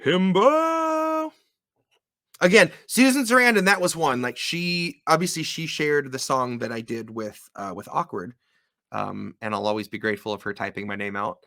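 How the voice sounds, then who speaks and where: A man's voice: mid-range voice, steady tone, normal speed, gravelly, pushed and bright, dry recording, clean studio sound. A man co-hosting a live stream, chatting casually about his music, joking and laughing often. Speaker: co-host and musician.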